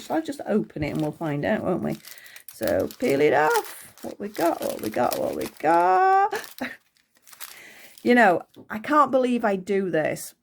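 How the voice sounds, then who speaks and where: A UK woman vlogs as she unboxes and reviews doll accessories, chatty and thinking aloud, with small excited gasps. Her voice is fairly high, creaky and husky, and she says it is going, as she is losing her voice.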